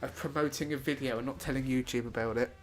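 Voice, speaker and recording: A man's voice: medium pitch, steady tone, fast, faint music behind. A young British man hosting a casual review chat, rambling and laughing often as he corrects himself. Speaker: YouTube reviewer and host.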